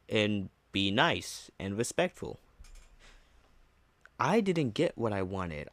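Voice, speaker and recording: A man's voice: mid-range voice, a bit bright, dry recording. A young man streamer telling a casual storytime, ranting with sarcastic, mocking retorts. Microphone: low-gain desk mic.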